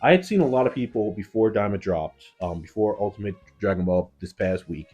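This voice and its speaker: A man's voice: lowish voice, animated, a little fast, a little mellow, breathy edge, lo-fi sound, faint music behind. Laid-back slangy guy recapping an episode. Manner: slangy, loose, fills with "like" and "yo". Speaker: anime reviewer.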